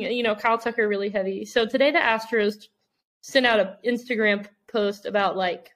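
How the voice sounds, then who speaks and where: A young woman co-hosting a podcast over a video call, telling stories and playing out the lines of the people in them. Her voice sits a little higher than most women's. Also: normal speed. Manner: storytelling, acts out quotes. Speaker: podcast co-host. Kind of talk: casual chat.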